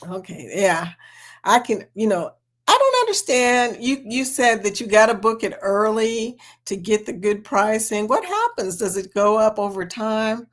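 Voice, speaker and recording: A middle-aged woman hosts a relaxed livestream, reading out the chat and talking animatedly with viewers, whom she calls "girl" and "y'all" between frequent laughs. Her voice is mid-range and unhurried.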